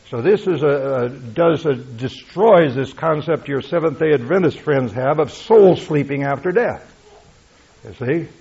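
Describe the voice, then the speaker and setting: A man preaches an emphatic sermon, teaching scripture and pausing on rhetorical checks with his listeners. His voice is gravelly and husky. The recording sounds dull and lo-fi. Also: medium pitch, darkish tone. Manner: emphatic, rhetorical asides like "you see?" and "all right?".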